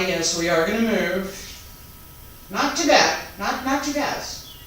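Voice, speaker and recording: A man teaching a taiji class online, calmly calling out each movement, breath and count step by step. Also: high voice. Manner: calm, unhurried step-by-step cueing and counting. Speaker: taiji instructor. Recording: very echoey room, mic far off, faint background noise.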